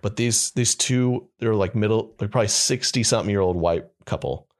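A man's voice: on the low side, brisk. A man co-hosting a casual comedy podcast, telling stories and acting out people he meets in funny voices. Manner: animated storyteller, acts out people in funny voices. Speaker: podcast co-host.

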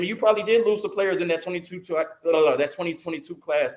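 A man hosting a sports show, ranting fast and excitedly, stumbling over words and firing off rhetorical questions. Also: high-pitched, roomy sound. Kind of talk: heated sports rant.

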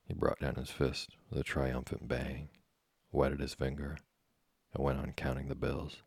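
Super deep husky guy reading a bedtime story, flat and slow, gravelly. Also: dry recording, studio quality.

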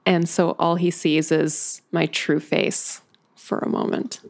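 Slow-speaking woman, tabletop player. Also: low voice, little pitch movement, gravelly. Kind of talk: casual tabletop play.

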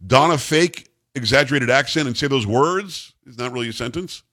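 A man with a mid-range, slightly bright voice hosts a talk radio show at a moderate pace. In an opinionated monologue, he reads news items aloud and mocks them in a combative, sarcastic way.

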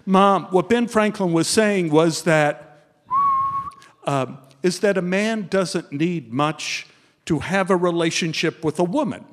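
An older man from Texas telling a comic personal anecdote as a guest, animated and chuckling as he talks. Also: high-pitched, takes it slowly, in a large hall, background noise. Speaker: guest storyteller.

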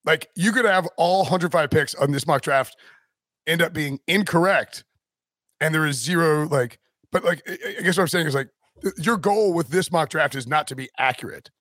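A man's voice: a little high, moderate pace, a bit bright, no room sound, clean studio sound. A man hosting a casual sports podcast, rambling through his points with restarts and fillers. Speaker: podcast host.

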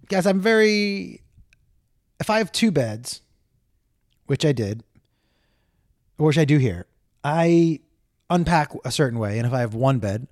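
Recorded in studio quality with no echo, a man with a fairly high voice hosts a live stream. He tells his viewers a casual, profane story, animated and rambling with many restarts.

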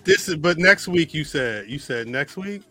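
A man's voice: a little high, expressive, moderate pace, pushed and bright. A man co-hosting a podcast in casual chat, laughing often and egging the others on. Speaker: podcast co-host.

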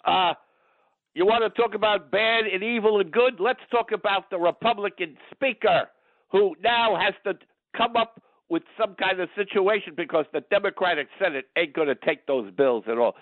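A man's voice: high-pitched, moderate pace, dry recording. An older man calling in to a radio talk show over the phone, blunt, rambling and indignant. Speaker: caller. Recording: tinny phone line.

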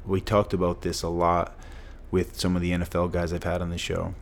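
Middle-aged man from Massachusetts, very low voice, emphatic storyteller on a podcast, faint room hiss. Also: monotone, brisk, vocal fry. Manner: emphatic, repeats phrases for punch. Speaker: podcast guest, former football player.

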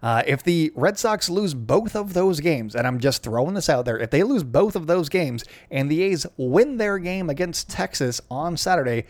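Casting note: young male podcast host, slightly high voice, dry close recording, casual and wry. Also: expressive, moderate pace, few pauses, dry recording. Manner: chatty, sarcastic, many "uh" fillers. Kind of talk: casual sports podcast talk.

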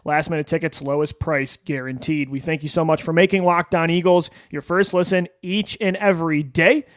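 A man co-hosting a sports podcast, reading an ad and then giving upbeat, quick analysis. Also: a little high, steady tone, dry recording. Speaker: podcast co-host. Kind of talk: sports podcast chat and ad read.

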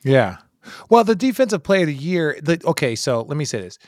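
Male host, casual sports banter, emphatic and animated, swears, dry close sound. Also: fairly high pitch, fairly quick, no room sound.

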